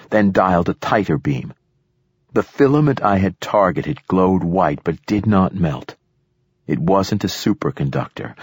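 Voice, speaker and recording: A man reading a first-person action story aloud, with steady, measured narration and raised bursts for the shouted dialogue. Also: sits low, breathy edge, no room sound, clean studio sound. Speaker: audiobook narrator.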